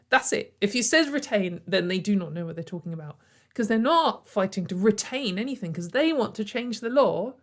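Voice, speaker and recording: A woman giving sarcastic, exasperated commentary and laughing often. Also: medium pitch. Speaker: online commentator. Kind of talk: ranting commentary video.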